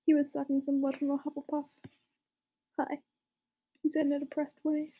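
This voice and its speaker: Young woman whisper-reading a fan story, high flat voice, soft and mellow. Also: fast talker. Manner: whispery, amused asides. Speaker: reader.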